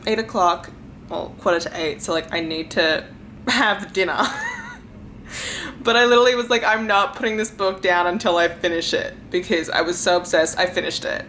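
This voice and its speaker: A woman's voice: medium pitch, pushed and bright, slight background noise. Gushing young woman book vlogger. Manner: gushing, effusive, many fillers. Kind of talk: casual reading vlog chat.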